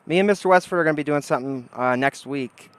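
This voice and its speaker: The man's voice sits on the high side, smooth and quick, captured with a desk microphone and no room sound. He's a livestream host chatting casually with viewers outdoors, rambling, greeting the chat and thinking out loud.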